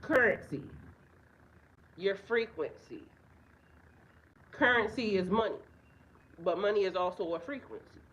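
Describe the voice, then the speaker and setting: A woman in a yard, giving a loose, chatty astrology reading to her viewers. She speaks in an animated, blunt way, swears freely and laughs often, with a mid-range voice. Faint outdoor ambience hums behind her. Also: medium pitch, unhurried, pauses often, dull audio, slight background noise. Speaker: spiritual reader and life coach. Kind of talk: casual astrology reading to camera. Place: outdoors in a yard with birds nearby.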